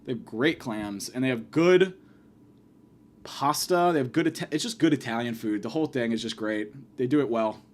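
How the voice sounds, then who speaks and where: A man's voice: medium pitch, moderate pace. A man hosting a podcast, delivering a profane, sarcastic comedic rant. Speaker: podcast host.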